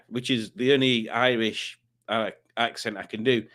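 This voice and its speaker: A man's voice: lowish voice, steady tone, unhurried, a bit bright. A man hosting a quiz livestream, chatting casually and reading viewer comments aloud with rambling, self-mocking asides. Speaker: quiz host.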